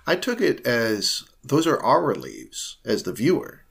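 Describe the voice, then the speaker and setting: A man co-hosts a casual film podcast, musing and asking his partner questions. He talks in a thoughtful, easygoing way. His voice sits at a middling pitch. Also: big pitch swings, measured pace, gravelly, a bit bright, husky.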